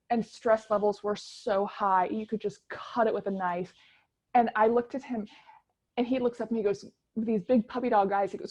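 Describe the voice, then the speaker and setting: A middle-aged woman, telling her story as a guest in a casual interview, animated and chatty with many restarts. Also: a little high. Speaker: guest chef.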